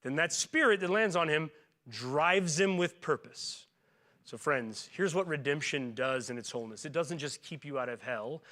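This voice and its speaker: A man in his forties preaches in a church with a bright, forward tone. He speaks casually and jokes along the way, and he keeps turning to the congregation with questions. His voice sits a little high for a man. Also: expressive, normal speed. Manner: conversational and joking, asks the congregation questions. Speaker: pastor. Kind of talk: sermon.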